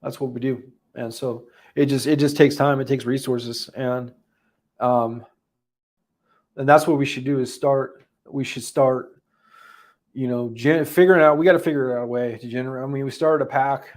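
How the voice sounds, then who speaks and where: Man, livestream host, choked up, halting, restarting sentences, mid-pitched voice. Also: fairly even intonation. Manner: halting, emotional, many restarts. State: choked up, holding back emotion. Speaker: livestream host giving a daily recap. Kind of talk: unscripted livestream talk.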